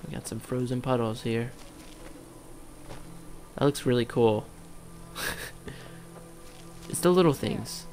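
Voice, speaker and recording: A man giving casual let's-play commentary, excitable and jokey, swearing and yelping at monsters as he plays. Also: medium pitch, slow, pauses often, faint music behind. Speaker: gaming commentator.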